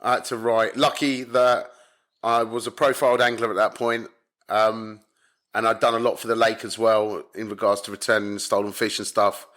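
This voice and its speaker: A man, a carp angler from the UK, telling stories as a podcast guest in a blunt, animated way, swearing often. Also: lowish voice, normal speed. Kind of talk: casual storytelling chat. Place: home in Spain.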